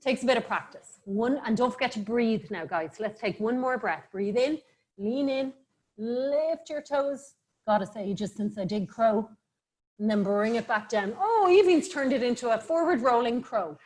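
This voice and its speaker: A woman's voice: on the high side, moderate pace, darkish tone. A woman teaching a live online yoga class for children, giving playful, encouraging cues and laughing often over a video call.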